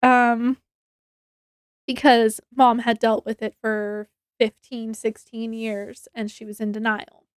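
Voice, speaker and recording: A woman's voice: a little high, flat delivery, unhurried, hardly any pauses, clean tone, no room sound, studio quality. A young woman reviewing a book in a casual chat, rambling and correcting herself, with frequent giggles.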